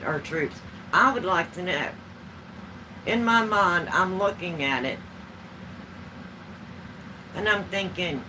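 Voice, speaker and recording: A woman's voice: on the low side, noisy background. A woman vlogger chatting at home, telling homespun stories in a rambling, easygoing way. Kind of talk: casual storytelling chat.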